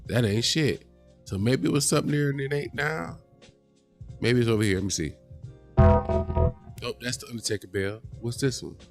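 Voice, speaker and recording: A man hosts a casual reaction livestream. He is animated and profane and talks straight to his viewers in an ordinary mid-range voice. Faint music plays under him. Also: mid-range voice, a little fast, vocal fry. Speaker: livestream host.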